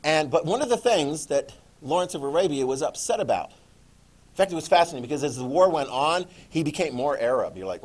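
A man teaching a class, lecturing in a lively way and checking in with the students with frequent "okay?"s and questions. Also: on the high side, fairly quick.

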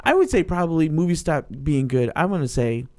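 A man co-hosting a casual studio chat, animated and jokey, swearing freely. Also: a little high, fairly quick, no echo.

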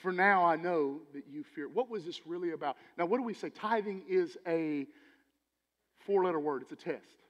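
Animated preacher, high voice, church hall reverb. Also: male voice, moderate pace, lo-fi sound. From Texas. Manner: animated, preachy, swings between loud emphasis and quiet asides. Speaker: pastor. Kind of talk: sermon. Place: church sanctuary.

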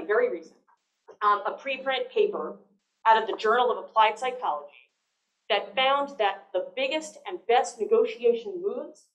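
A woman giving a lively, conversational public lecture on negotiation, often checking in with the audience. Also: on the high side. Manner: lively, conversational, frequent "right?" tags. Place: lecture hall. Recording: echoey lecture hall.

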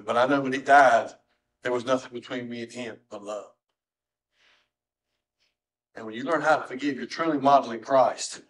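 A middle-aged man, preaching a sermon as pastor in a church, swinging from soft, low tones to high, strained cries. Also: rough recording. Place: church sanctuary.

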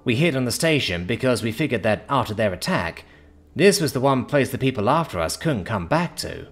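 A man's voice: medium pitch, very animated, brisk, breathy edge, faint music behind. A man voicing a shaken young human man who talks with a strained, shaky voice. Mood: weary.

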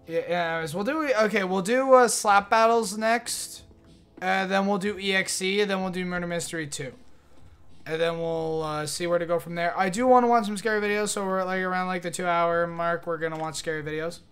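A man's voice: high-pitched, a little fast, fairly bright tone, clean tone, soft background music. A young man streaming games, chatting casually with his viewers in a rambling, profane, joking way. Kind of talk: casual livestream chat while gaming.

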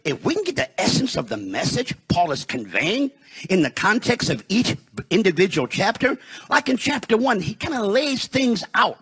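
A pastor from Detroit preaching a sermon in a church, rising into shouted, sung peaks and slowing for emphasis. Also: male voice, high-pitched, sing-song, husky. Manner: preaching with shouted, sung rises and dramatic slowdowns. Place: church sanctuary.

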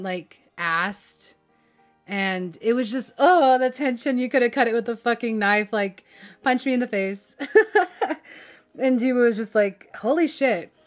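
A young woman gushing in casual chat about a show she loves, swearing freely and filling her talk with "like". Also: mid-range voice. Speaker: vlogger reviewing a drama.

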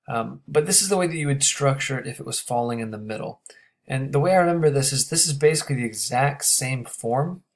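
A man teaches a grammar lesson in a mid-range voice. He explains things step by step and checks in with quick questions.

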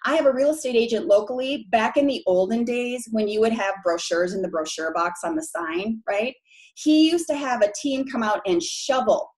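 A woman's voice: a little high, lively intonation, normal speed, a little mellow. Chatty Minnesota-accented woman presenter. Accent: Minnesota, long O's. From Minneapolis, Minnesota, USA. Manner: frank, chatty, keeps asking the audience "right?". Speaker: presenter on brand building for real estate agents. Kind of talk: live presentation to an audience.

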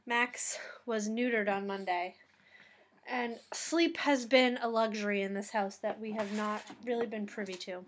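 A woman's voice: mid-range voice, fairly even intonation, unhurried, slight background noise. A tired woman hosting a casual knitting vlog from home, chatty and rambling, going off on tangents and laughing at her own mistakes. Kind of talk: casual chat. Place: at home with a cat on her lap.

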